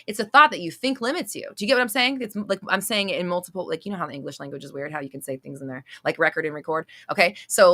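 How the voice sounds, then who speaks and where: Blunt, bright-voiced woman coaching live. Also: fairly low pitch. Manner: blunt, emphatic, repeats points, swears casually. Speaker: manifestation coach answering viewer questions. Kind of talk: live-stream Q&A.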